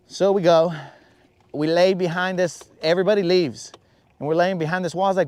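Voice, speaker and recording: A man's voice: moderate pace, darkish tone, no echo. Rambling storyteller man on a fishing stream. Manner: rambling anecdotes, acts out quotes in a higher voice. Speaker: fishing livestream host. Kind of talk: casual storytelling while fishing. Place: out on a lake, on a boat.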